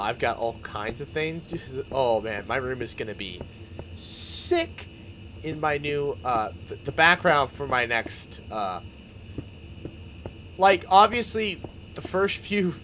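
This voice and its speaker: A young man chatting casually on his stream, rambling and excitable, often laughing and restarting his sentences. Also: mid-range voice, unhurried, a little hiss or hum, rough recording. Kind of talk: casual chat while building in a game stream.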